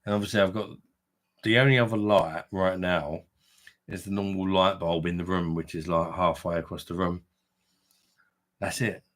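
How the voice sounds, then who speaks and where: A man's voice: sits low, fairly even intonation, moderate pace, long pauses. A man hosting a casual beer livestream, bantering and reading out viewer comments from his room at home. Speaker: beer review livestream host.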